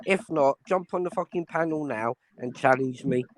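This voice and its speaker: A man's voice: medium pitch, normal speed, a little hiss or hum. A man hosting a livestream panel, defiant and challenging his critics to come on. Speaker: livestream host. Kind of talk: confrontational livestream talk.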